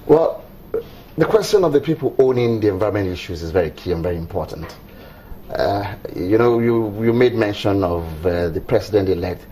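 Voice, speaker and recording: Deliberate ambassador, low voice. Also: male voice, lively intonation, warm tone, a little hiss or hum. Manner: deliberate, stumbling over names. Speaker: panel guest, ambassador. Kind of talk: TV panel discussion.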